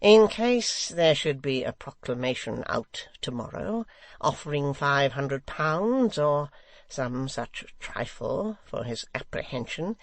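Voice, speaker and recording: A man voicing a sly, sneering secretary who speaks in a slow, measured, mocking way with a gravelly edge. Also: mid-range voice, very animated, no room sound. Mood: cold sneering.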